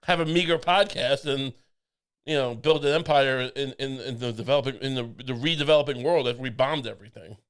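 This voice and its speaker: A young man co-hosts a comedy podcast, joking and rambling with plenty of restarts in casual comedic chat. His voice is medium-pitched, brisk and smooth.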